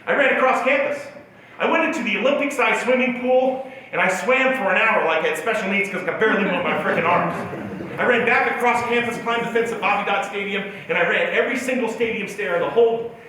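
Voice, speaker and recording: Animated man telling a story in a hall. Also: high voice, fairly quick, a little hiss or hum. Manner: animated, self-mocking storyteller. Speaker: motivational speaker. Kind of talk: storytelling keynote talk. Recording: echoey hall from far off.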